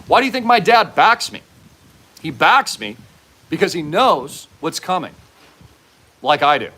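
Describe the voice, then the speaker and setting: A man's voice: fairly high pitch, big pitch swings, unhurried, sharp tone, slightly rough. A man hosting a commentary monologue, speaking in a fervent, preachy, raised voice. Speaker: host.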